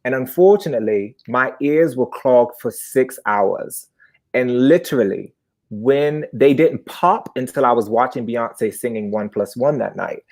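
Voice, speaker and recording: A man in his twenties telling a personal story live, chatty and animated, with sudden high-pitched bursts. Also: measured pace.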